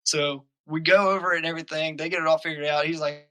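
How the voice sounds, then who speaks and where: A young man tells a story on a podcast. His voice is very bright and a touch high, and he swears constantly while acting out both sides of the argument. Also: quick pace, a little hiss or hum, rough recording. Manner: profane, animated, acts out quoted arguments. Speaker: podcast guest telling a story. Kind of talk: casual storytelling.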